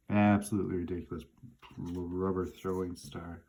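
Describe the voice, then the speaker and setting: A man in his forties calmly reminiscing to himself as he looks through old family photos. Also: low-pitched, slight background noise. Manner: unhurried, musing, talks half to himself. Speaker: vlogger looking through childhood photos. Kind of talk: casual reminiscing monologue.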